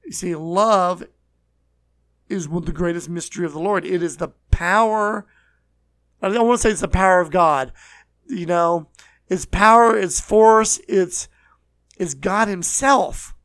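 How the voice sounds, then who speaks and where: A man preaching a sermon, earnest and repetitive, slowing down to stress key words. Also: high voice, fairly bright tone, no room sound, clean studio sound. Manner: earnest, repeats phrases, slows for emphasis.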